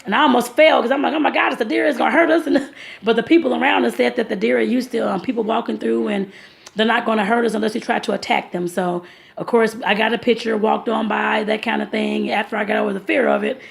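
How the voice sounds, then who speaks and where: A woman with a strongly gravelly, creaky voice pitched a little high tells a rambling travel story to her viewers. She talks casually, circles back with fillers, laughs now and then and keeps calling them y'all. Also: steady tone, quick pace. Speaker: travel vlogger.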